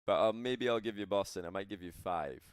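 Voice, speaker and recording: A low-voiced man chats with his stream audience, rambling from one thought to the next. His tone is smooth and clear. The sound is dry, with little room around it. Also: fairly quick, dry recording. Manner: chatty, rambling, addresses chat. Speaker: esports caster. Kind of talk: casual live-stream commentary.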